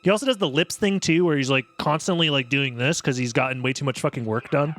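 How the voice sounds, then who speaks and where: A man's voice: medium pitch, fast, fairly bright tone, soft background music. A young man streaming a video game, chatting casually in a rambling, joking and self-deprecating way, swearing freely. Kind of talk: casual commentary while gaming.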